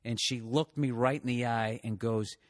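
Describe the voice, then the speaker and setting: A man's voice: mid-range voice, steady tone, normal speed. A middle-aged man hosting a podcast, telling a rambling, self-mocking comic story full of swearing and laughing through it. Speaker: podcast host.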